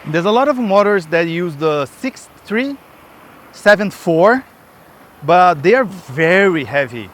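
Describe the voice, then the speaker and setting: A man with a somewhat high voice talks while skating through a park, breathing hard between his rambling, chatty asides. The sound comes from a camera he carries or wears on his body. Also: lively intonation, takes it slowly, a bit bright. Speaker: skate builder vlogger. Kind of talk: casual vlog while skating. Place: outdoor park with trees. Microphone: camera held in hand or strapped to body.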